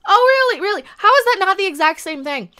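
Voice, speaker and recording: A woman's voice: very high voice, sing-song, quick pace, pushed and bright. A woman ranting angrily in a commentary video, repeating herself and swearing constantly. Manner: angry, exasperated ranting with heavy swearing and repetition. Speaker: YouTube commentator.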